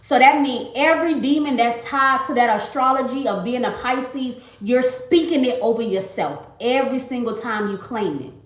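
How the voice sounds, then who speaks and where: A woman's voice: on the high side, normal speed, hardly any pauses. Emphatic woman in her late twenties, roomy. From Miami. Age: late 20s. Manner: emphatic, repetitive, talks to viewers as y'all. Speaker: livestreamer. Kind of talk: casual faith testimony livestream. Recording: roomy echo.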